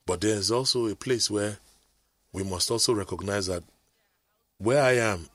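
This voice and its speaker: A man's voice: on the low side, normal speed, fairly bright tone, dry recording. A middle-aged man, telling rambling stories in casual chat, with preachy asides.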